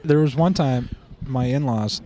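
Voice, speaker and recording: A man's voice: mid-range voice, measured pace. A middle-aged American man, a drummer guest, telling stories in a casual chat and laughing often. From United States. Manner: animated storyteller, laughs often.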